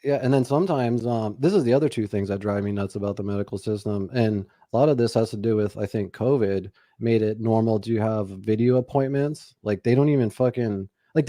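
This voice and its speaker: Profane, animated man in his forties. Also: medium pitch, fairly quick, hardly any pauses, dry recording, clean studio sound. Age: 40s. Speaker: podcast co-host. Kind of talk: casual podcast chat.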